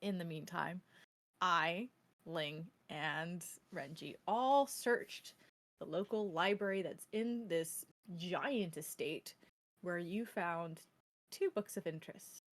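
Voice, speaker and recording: Slow-speaking woman game master. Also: lowish voice. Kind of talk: narrating a tabletop game.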